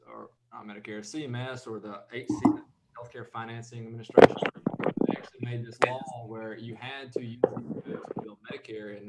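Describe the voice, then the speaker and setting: A man's voice: medium pitch, heavy background noise. A man speaking emphatically and animatedly on an online panel discussion. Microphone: video call.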